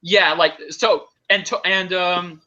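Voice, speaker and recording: A man hosting a podcast over a call mic, chatting casually and eagerly. His voice sits high and cuts through with a piercing, tense brightness. He laughs easily and keeps restarting his sentences. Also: slow pace, lo-fi sound. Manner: excitable, laughs often, trails off and restarts. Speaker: podcast host. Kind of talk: casual chat.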